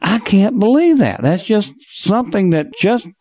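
A man's voice: high voice, very animated, normal speed, mellow. A man who hosts the show as a financial planner, telling anecdotes in a conversational interview.

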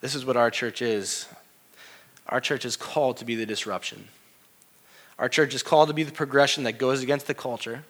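A middle-aged male pastor preaching a sermon with passion, his voice swinging from hushed to loud exclamations. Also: mid-range voice, steady tone, brisk.

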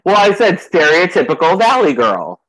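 A man's voice: high voice, very animated, normal speed, crowd noise, rough recording. A man from Southern California co-hosting a casual recap podcast, rambling and full of fillers. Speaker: podcast co-host.

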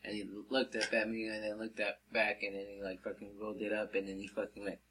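A man's voice: lowish voice, completely flat delivery, fast, a bit bright, a little hiss or hum, low-quality recording. A man telling a story to friends in a rambling, profane way, full of fillers. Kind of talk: casual chat.

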